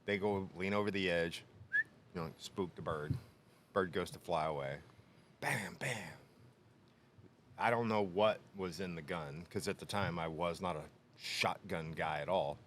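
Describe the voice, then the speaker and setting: A man's voice: deep voice, measured pace, pauses often, a bit bright, a little hiss or hum. A man on a shop podcast telling a story in casual chat, laughing often and acting out the quotes. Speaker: podcast co-host. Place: workshop podcast room.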